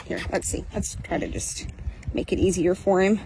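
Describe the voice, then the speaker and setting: A woman's voice: mid-range voice, fairly even intonation, moderate pace, mellow, a little hiss or hum, poor audio. A woman talking viewers through a horse for sale outdoors at a trail course, chatty and upbeat, a little out of breath in the heat. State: hot and a bit out of breath. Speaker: horse seller and trainer. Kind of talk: casual sales walkthrough to viewers.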